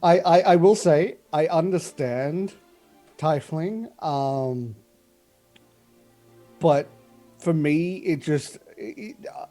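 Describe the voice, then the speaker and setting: Slow, mellow-voiced male player. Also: on the high side, animated, faint music behind. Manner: slow, hesitant, searching for words. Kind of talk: casual tabletop game chat.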